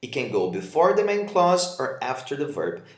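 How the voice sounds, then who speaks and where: A man teaching an English lesson, Portuguese his first language, his pitch rising and falling a lot as he acts out example lines. The sound is roomy, with a clear echo. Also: big pitch swings, moderate pace. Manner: reads example dialogues and explains them, switching to Portuguese for translations. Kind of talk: vocabulary lesson.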